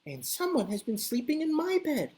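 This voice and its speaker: A woman's voice: high-pitched, wildly swooping pitch, normal speed, mellow, pitched above the performer's own voice. A woman voicing a motherly mama bear with a medium-sized voice in a storybook reading. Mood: puzzled.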